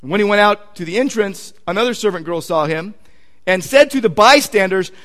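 A pastor from Southern California with a Southern Californian accent, preaching a sermon in a conversational, animated way, acting out quotes with sudden loud outbursts. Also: male voice, sits high, brisk. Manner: conversational, repeats words while searching for them.

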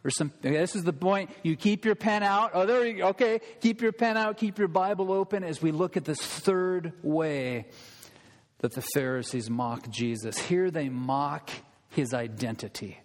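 A man's voice: a little high, moderate pace. A man preaching a sermon in a church, emphatic and impassioned, building his points with repetition and rhetorical questions. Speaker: pastor. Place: church sanctuary. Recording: long reverb of a large hall.

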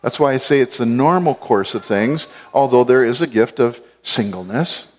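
A man's voice: mid-range voice, animated, normal speed. A man giving an expository Bible teaching, explaining word meanings and repeating key phrases for stress.

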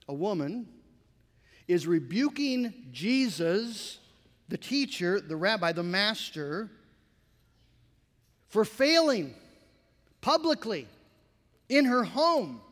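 A man preaching a sermon as a pastor, in a conversational, animated way with asides to the congregation. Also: high-pitched, in a large hall.

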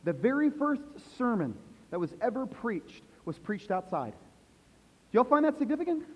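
Man, pastor, sermon, high-pitched, dull lo-fi sound, echoey hall. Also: very animated, moderate pace, slightly rough. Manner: asks the congregation questions, swings from hushed to loud emphasis.

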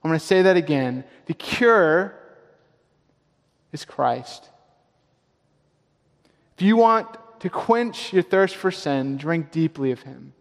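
A man preaching a sermon with emphatic delivery, repeating his key lines slowly for weight. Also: a little high. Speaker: pastor. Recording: long reverb of a large hall.

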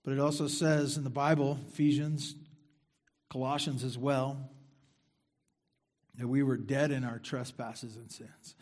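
A middle-aged man preaching a sermon in a conversational way, repeating phrases for emphasis and dropping into quiet asides. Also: mid-range voice, little pitch movement, a little slow, pauses often. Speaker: pastor.

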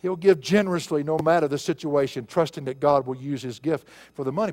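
A man's voice: fairly high pitch, brisk, few pauses, darkish tone. A man preaching as pastor in a church, folksy and emphatic, building to fervent peaks. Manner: emphatic, folksy preaching with rising bursts of intensity. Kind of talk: sermon. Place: church sanctuary.

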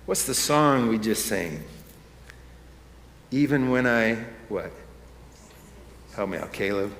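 A man's voice: fairly low pitch, animated, slow, pauses often, a bit bright, slight background noise. A man preaching a sermon as pastor, conversational at first and rising to impassioned emphasis. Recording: echoey hall with faint room ambience.

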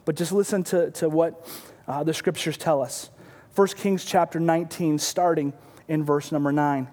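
High-voiced male pastor in a reverberant hall. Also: fairly even intonation, moderate pace, darkish tone. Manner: earnest, repeats words, drops to a whisper for emphasis. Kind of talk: sermon.

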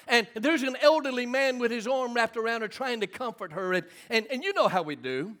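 Middle-aged male preacher, high and bright, storytelling sermon with call-and-response. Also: lively intonation, brisk, hardly any pauses. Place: church sanctuary.

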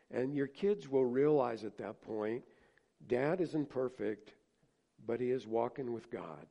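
A male pastor preaching a sermon earnestly, rising to emphatic points and then dropping soft. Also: mid-range voice, expressive, a little slow, vocal fry.

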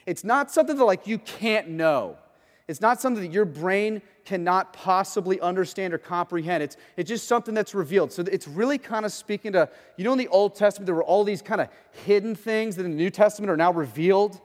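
Animated man preaching in a reverberant hall. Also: sits high, fairly quick. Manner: animated, conversational, acts out quoted voices. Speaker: pastor. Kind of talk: sermon.

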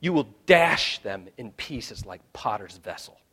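A male pastor preaching a sermon, swinging from hushed, quiet lines to loud shouted ones. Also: mid-range voice, very animated, a little slow, slightly rough.

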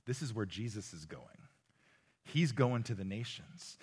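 A man preaching a sermon to young people in a room, impassioned, swinging from loud exhortation to hushed tones, often repeating words as he goes. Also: on the low side, expressive, a little slow, husky. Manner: repeats words and restarts as he speaks. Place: room with a live audience.

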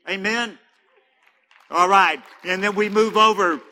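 A man's voice: high voice, steady tone, a little slow, long pauses, sharp tone. A man preaching a sermon as pastor, emphatic and repeating a key word for effect. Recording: long reverb of a large hall.

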